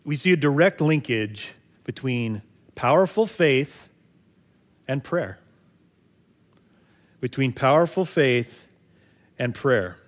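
A man's voice: mid-range voice, lively intonation, takes it slowly, long pauses. A man reading scripture aloud and then explaining it in a conversational, thoughtful way, with occasional fillers. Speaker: Bible teacher. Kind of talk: scripture reading and sermon commentary.

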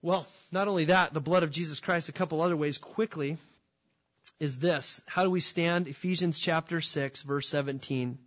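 A man's voice: fairly high pitch, moderate pace, fairly bright tone. A man preaching a sermon, emphatic and full of rhetorical questions. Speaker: pastor.

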